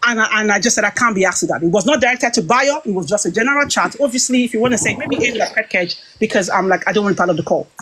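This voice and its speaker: A British woman recounting a dispute in an animated, casual account, quoting herself and others with frequent restarts. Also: mid-range voice, fast, hardly any pauses, low-quality recording. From Britain.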